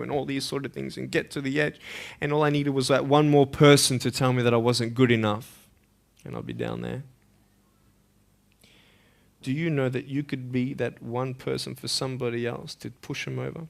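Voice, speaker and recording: A man in his thirties with an Australian accent, giving an impassioned motivational speech at a school assembly. He swings between loud pleading and hushed intensity. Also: mid-range voice, little pitch movement, moderate pace, gravelly. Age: 30s. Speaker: motivational speaker.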